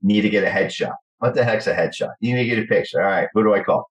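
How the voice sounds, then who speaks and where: A middle-aged man with a New Jersey accent, telling lively stories in an interview and acting out the people in them. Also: lowish voice, fast, dull audio. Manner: animated storyteller acting out quoted voices. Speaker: guest actor. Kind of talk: storytelling interview chat.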